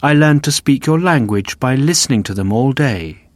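A man slowly reading a simplified classic novel aloud for learners, including the page numbers, in an even, deliberate voice. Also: medium pitch, dry recording. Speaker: audiobook narrator. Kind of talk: reading a graded reader aloud.

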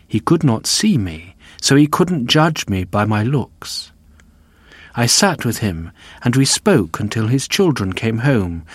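A man slowly reading a simplified classic novel aloud for learners, including the page numbers, in an even, deliberate voice. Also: mid-range voice, no echo. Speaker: audiobook narrator. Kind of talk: reading a graded reader aloud.

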